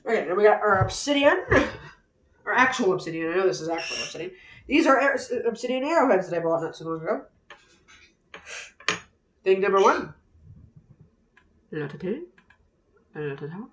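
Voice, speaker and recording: A woman chatting playfully to herself while building a craft project, often dropping to soft murmurs. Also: medium pitch, animated, fairly quick, pauses often. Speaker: craft vlogger. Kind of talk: casual narration while crafting. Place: indoors at a craft table. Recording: roomy echo.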